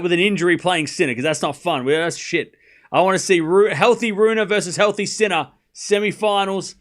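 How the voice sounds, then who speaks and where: Male streamer, higher-pitched, playful live match commentary with teasing chat banter. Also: normal speed, a bit bright. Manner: playful, scolds chat, pleading.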